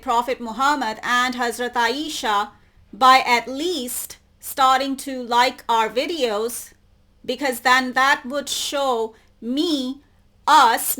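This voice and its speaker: Woman, fairly high voice, slow delivery, reads articles aloud and comments, repeats key words for emphasis. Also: bright, forceful tone. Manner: slow, musing, stresses words by repeating them. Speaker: YouTube channel host. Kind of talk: reading and commenting on web articles.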